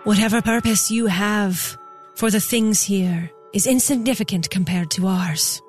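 A cold, breathy energy creature from a tabletop game, voiced by a woman. It speaks airily and slowly, with an aloof, menacing calm. Faint music plays behind. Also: mid-range voice, natural voice. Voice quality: breathy, airy. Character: breathy energy being in a containment suit.

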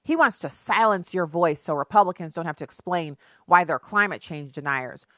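A woman's voice: lowish voice, expressive, sharp tone, dry recording, clean studio sound. A woman doing a slurring drunken senator. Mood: mocking. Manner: slow, slurred, mocking delivery.

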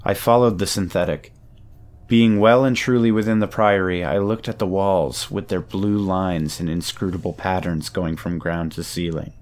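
A man narrating a first-person audio drama in a measured storytelling way. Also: low voice, fairly even intonation, darkish tone. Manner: measured storytelling, nervous stammer in own lines.

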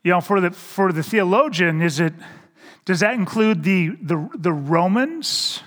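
A middle-aged male pastor preaches in a fairly high voice, taking his time. He stumbles over and repeats words and keeps asking the congregation questions. His voice carries the long ring of a church sanctuary. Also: expressive, fairly bright tone. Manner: slow, halting delivery with repeated words and rhetorical questions. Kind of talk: sermon. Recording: reverberant hall.

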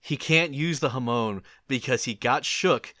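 A man co-hosting a casual anime discussion podcast, animated and laughing often. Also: medium pitch, measured pace, dry recording. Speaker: podcast co-host.

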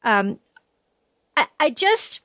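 A woman co-hosting a podcast, chatting casually about a story with lots of fillers and lively retelling. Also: high-pitched, very slow, dry recording. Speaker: podcast co-host. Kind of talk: casual book discussion.

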